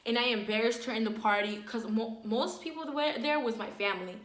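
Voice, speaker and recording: A woman telling a personal story in a casual, animated vlog, full of fillers and dramatic retelling. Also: a little high, a little fast, roomy sound. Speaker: storyteller, vlogger.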